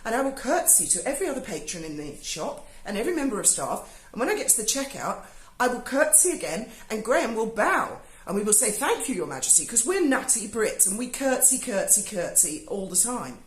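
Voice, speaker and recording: British woman, sarcastic, sweary, lively pitch, echoey room. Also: fairly quick. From Britain. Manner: sarcastic, swears freely, mocking asides. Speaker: YouTuber. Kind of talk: sarcastic review monologue. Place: home in Spain.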